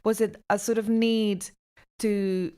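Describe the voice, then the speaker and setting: A woman's voice: mid-range voice, level tone, takes it slowly, mellow. Woman co-hosting a radio show. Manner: curious, searching questions with restarts. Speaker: co-host. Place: radio studio.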